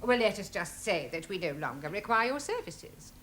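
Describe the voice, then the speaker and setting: An actress with a British accent playing a stern, prim middle-aged headmistress in a sitcom, formal and cold. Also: female voice, mid-range voice, big pitch swings, moderate pace, a bit bright. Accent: British English. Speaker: school principal. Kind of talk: 1970s sitcom acting.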